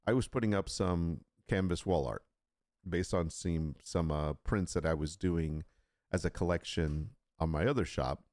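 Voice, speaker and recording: A man hosting a casual live stream, talking in a rambling, animated way with frequent restarts and asides. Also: low voice, measured pace, dry recording. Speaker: live stream host, print-on-demand seller.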